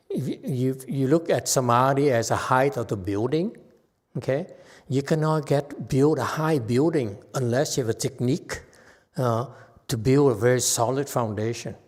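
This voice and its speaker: A man's voice: mid-range voice, a little mellow. A man as a Buddhist meditation master giving a conversational dharma lecture, checking in with his listeners often.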